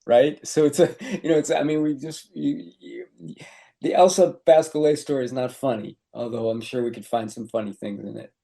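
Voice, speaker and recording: A man co-hosting a podcast, talking over a short story in a relaxed chat and laughing often as he goes. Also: mid-range voice, moderate pace, gravelly. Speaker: podcast co-host. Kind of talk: casual literary discussion.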